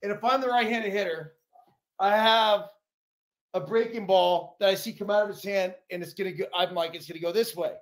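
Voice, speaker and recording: High-voiced man in profane sports chat. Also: fairly even intonation, normal speed, echoey room. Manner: loose, profane, explains with gestures.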